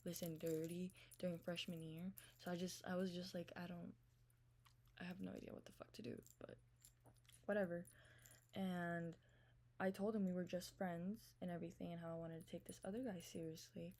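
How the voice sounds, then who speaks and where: A young woman telling a storytime rant to her viewers, animated, swearing freely and acting out what was said. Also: lowish voice, normal speed. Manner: animated, swears freely, acts out quoted texts. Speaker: vlogger.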